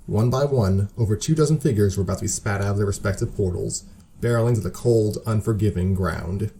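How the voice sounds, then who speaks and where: A man's voice: fairly low pitch, fairly quick, dark tone. A man hosting a story show and narrating a fan story, with dry, self-mocking humor. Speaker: host and narrator.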